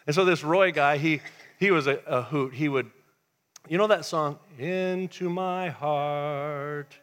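A male pastor preaching a sermon in church, telling a lively story and dropping to a hush for emphasis. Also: a little high, normal speed. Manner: animated storytelling, swings from loud to hushed. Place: church sanctuary.

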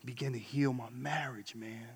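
A man's voice: medium pitch, moderate pace, vocal fry, slightly rough, long reverb tail. Earnest man telling his testimony. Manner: earnest, swings from hushed to loud and excited. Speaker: church member sharing his testimony. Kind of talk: personal faith testimony, storytelling.

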